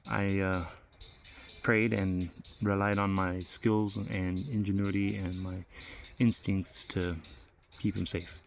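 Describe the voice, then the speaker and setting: A man's voice: lowish voice, gravelly. A man, a father, tells a rambling, profane story in a casual way, with many fillers. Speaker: father giving a family update.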